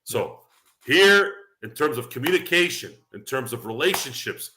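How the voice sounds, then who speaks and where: A man's voice: mid-range voice, very animated, normal speed, sharp tone. A man hosting a sports talk show, rambling emphatically from basketball into life lessons. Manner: rambling, emphatic, preachy asides. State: tipsy. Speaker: show host. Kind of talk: casual sports talk monologue.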